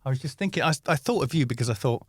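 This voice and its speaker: A man's voice: medium pitch, very fast, husky, no echo. A male comedian co-hosting a podcast, chatting casually and acting out little stories with voices. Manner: animated storyteller, acts out voices. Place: Moscow.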